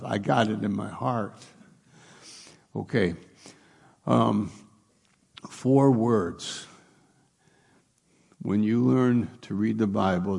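A man's voice: medium pitch, creaky. A middle-aged man preaching a conversational sermon as a pastor, plain-spoken and repeating his points for emphasis.

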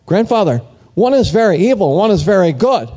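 A man's voice: high-pitched, very animated, fairly quick, dark tone, voice pushed up. A man voicing a small, eager boy who asks anxious, urgent questions in a raised voice, inside a sermon story.

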